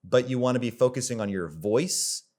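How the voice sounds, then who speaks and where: A man's voice: medium pitch, moderate pace, a little mellow. A man coaching on dating in a rambling, casual way, full of fillers and the odd swear word. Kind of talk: casual coaching monologue to camera.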